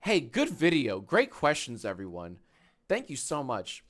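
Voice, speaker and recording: Animated man streaming from his office. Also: medium pitch, unhurried. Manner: animated, swearing, baby talk to his dog. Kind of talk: casual live-stream chat. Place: small home office.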